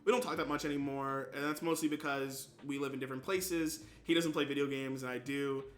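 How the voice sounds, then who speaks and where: A young gaming streamer chats casually with viewers at a fairly quick, steady pace, telling stories animatedly. He acts out quotes with sudden leaps in pitch.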